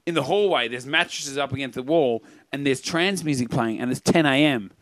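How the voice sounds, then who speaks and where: A man's voice: medium pitch, a little fast, fairly bright tone. An Australian man from Western Australia, a comedian guest telling rambling anecdotes in casual chat with dry jokes.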